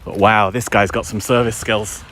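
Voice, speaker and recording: A man's voice: fairly low pitch, flat delivery, normal speed, pushed and bright, slight background noise. A middle-aged man from England, chatting and telling stories as he walks his dog outdoors, wry and mimicking voices. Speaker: vlogger. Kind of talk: casual chatty live-stream ranting.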